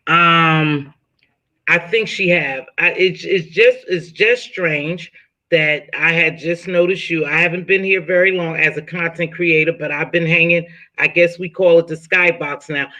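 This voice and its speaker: A woman's voice: fairly low pitch, steady tone, measured pace, sharp tone. A woman hosting a casual live-stream chat, asking a guest probing questions in a friendly way. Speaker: host interviewing a chat guest.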